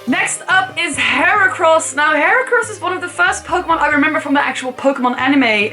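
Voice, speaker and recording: A young woman talks through her ratings in a loose, playful vlog voice, full of swearing and jokey asides. Her voice is bright and a little high. Soft music plays faintly behind her. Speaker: YouTuber rating Pokémon. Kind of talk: casual commentary vlog.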